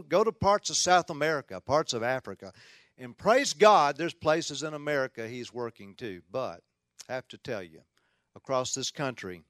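A man's voice: medium pitch, fairly bright tone, dry recording. A middle-aged man from Tennessee with a Southern accent, praying and then preaching as a guest speaker, fervent and rising to emphatic declarations. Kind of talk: prayer and sermon.

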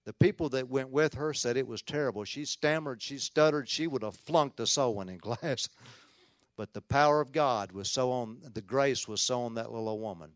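A man preaching a sermon as a Baptist pastor, telling a story with earnest emphasis, often repeating and restarting words, dropping to hushed tones and rising to loud points. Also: medium pitch, moderate pace, dry recording, studio quality.

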